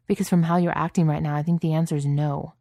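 A woman's voice: low-pitched, fairly even intonation, quick pace, dark tone, dry recording, clean studio sound. A woman voicing an agitated, blunt young man in a storybook reading, speaking up in a raised, exasperated voice.

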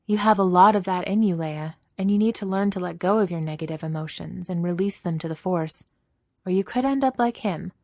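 Woman doing a calm alien warrior woman. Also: fairly low pitch, brisk, no echo, pitched above the performer's own voice. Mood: serious. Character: calm matter-of-fact female alien warrior.

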